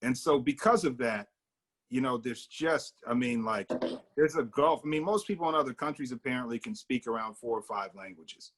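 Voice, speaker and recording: An American man in a casual discussion, thinking out loud with frequent restarts and fillers. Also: medium pitch, moderate pace. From United States. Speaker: discussion participant.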